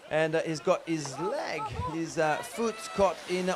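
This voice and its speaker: High-voiced male race commentator. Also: a crowd in the background. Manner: lively, many filler pauses. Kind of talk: live sports commentary.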